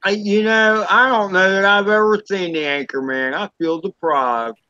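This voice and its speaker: A man's voice: sits high, moderate pace, pushed and bright, smooth, no room sound, dull audio. A man guesting on a casual podcast chat, rambling and hesitant as he speaks.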